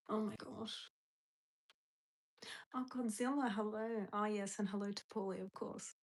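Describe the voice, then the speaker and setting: Woman, young adult, live-stream host, casual chat with viewers, giggly, rambling, middle pitch. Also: steady tone, slow pace, long pauses, rough recording. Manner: chatty and giggly, rambling with restarts. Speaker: livestream host. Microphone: phone or webcam on a live stream.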